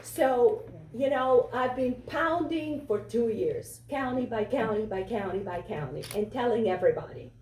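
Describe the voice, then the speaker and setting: A woman's voice: a little high, lively intonation, normal speed, few pauses, background noise. A woman from Europe with a foreign accent, giving an impassioned, repetitive campaign speech at a fundraiser. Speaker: political candidate. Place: fundraiser venue. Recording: echoey room from far off.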